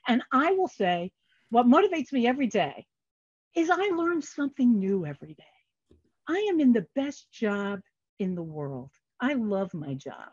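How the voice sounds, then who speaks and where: A woman's voice: a little high, moderate pace, husky, dry recording. Older lady guest on a podcast, chatty storyteller, does the voices of people she quotes, dull lo-fi audio. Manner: animated, acts out quoted dialogue. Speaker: economist guest. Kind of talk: casual storytelling in a podcast interview. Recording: muffled lo-fi sound.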